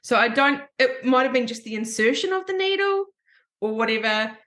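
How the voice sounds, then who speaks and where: An Australian woman hosting a podcast, telling a personal story in an emotional, animated way and acting out the dialogue. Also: sits high, normal speed. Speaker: podcast host.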